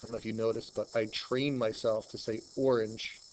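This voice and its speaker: A man with a Long Island accent teaching a math lesson, chatting and thinking out loud as he works through problems. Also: fairly low pitch, little pitch movement, fast talker, slight background noise, poor audio. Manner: chatty, thinks aloud while working problems. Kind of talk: screen-recorded math lesson.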